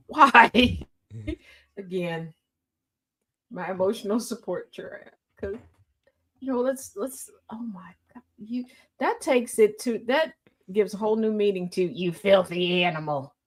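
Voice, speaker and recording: A woman hosting a casual news reaction show, animated and exclaiming as she reacts. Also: medium pitch, breathy edge. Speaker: show host.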